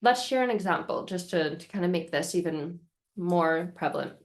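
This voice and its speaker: A woman hosting a self-help talk, speaking earnestly and slowing down to stress key words. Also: lowish voice, expressive. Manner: earnest, repetitive, slows down for emphasis. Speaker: self-help video host. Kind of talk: emotional storytelling monologue.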